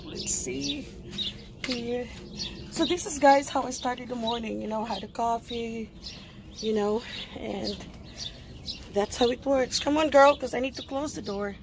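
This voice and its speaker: A woman vlogging her morning on a phone in her backyard, chatting with pauses and fillers and cooing at her pet hens. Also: fairly high pitch, noisy background. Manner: chatty, hesitant, talks sweetly to her hens. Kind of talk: casual vlog commentary. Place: home backyard, outdoors.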